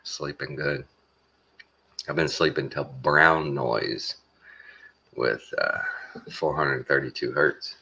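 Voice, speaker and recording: A man with a Texan accent talking casually to his viewers, meandering along with lots of pauses and folksy phrasing. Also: rumbling low, creaky, bright, forceful tone, slightly rough. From Texas. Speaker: vlogger. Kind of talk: casual rambling monologue.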